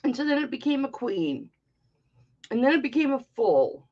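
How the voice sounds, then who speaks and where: A woman's voice: on the high side, sing-song, moderate pace, darkish tone, dull audio. A middle-aged woman hosting a live-stream jewelry auction, chatting casually and rambling playfully through stories.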